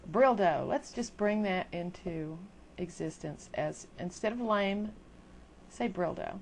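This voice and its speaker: An older woman vlogs from home, ranting casually into a webcam in a chatty, exasperated, self-mocking way. Her voice is lowish with lively intonation, she speaks slowly, and there's a little hiss or hum.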